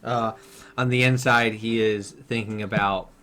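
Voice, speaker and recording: Halting low-voiced male game master. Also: fairly even intonation, fairly bright tone. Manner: halting, thinking aloud. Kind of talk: narrating a tabletop game.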